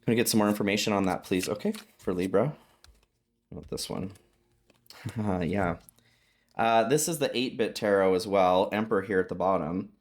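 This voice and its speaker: Man, very low voice, chatty reassuring tarot reader addressing viewers. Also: moderate pace, pauses often. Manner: chatty, reassuring, frequent "okay?" check-ins. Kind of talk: casual tarot reading to camera.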